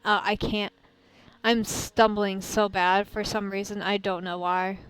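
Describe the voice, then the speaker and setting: An American woman with a slight Midwestern accent chatting casually as a streamer, laughing often and breaking into loud, playful protests. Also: mid-range voice, little pitch movement, unhurried, smooth, rough recording. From United States. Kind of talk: casual gameplay commentary.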